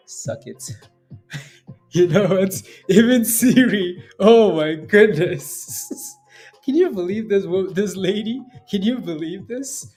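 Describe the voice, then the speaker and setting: Joking male livestream trader, higher voice. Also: takes it slowly, a little mellow, faint music behind. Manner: jokey, laughs often, banters with chat and his phone assistant. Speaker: day-trading livestream host. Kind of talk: casual live-stream chat.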